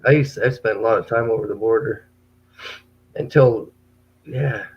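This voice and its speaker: A Canadian man with a Canadian accent in casual chat, relaxed and a little hesitant, often pausing with ums and chuckles. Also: fairly low pitch, breathy edge. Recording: dull lo-fi audio.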